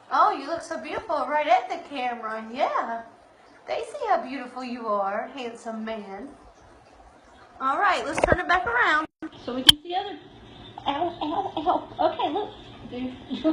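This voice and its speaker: A woman's voice: sits high, fairly bright tone, roomy sound, a little hiss or hum, poor audio. A woman giving a casual live tour of a cat shelter room, talking to the cats in a cooing, laughing way, filmed on a handheld phone. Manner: cooing baby-talk to cats, frequent laughs.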